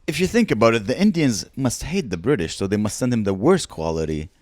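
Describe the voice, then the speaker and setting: A man's voice: medium pitch, sing-song, a little fast, darkish tone. A man co-hosting a comedy podcast, in casual banter full of teasing and crude jokes. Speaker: podcast co-host. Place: indoor podcast studio.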